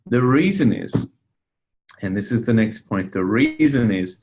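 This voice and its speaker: A man's voice: mid-range voice, lively intonation, a little slow, darkish tone, slight background noise. A man presenting a webinar in a conversational way, a counselor who talks with fillers and restarts. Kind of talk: casual webinar teaching.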